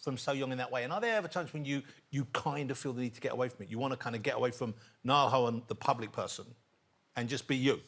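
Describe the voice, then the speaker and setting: A man's voice: medium pitch, fairly bright tone. A man hosting a talk show, asking his guests teasing questions. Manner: teasing, quick-fire questions. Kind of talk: chat-show interviewing. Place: TV studio with an audience.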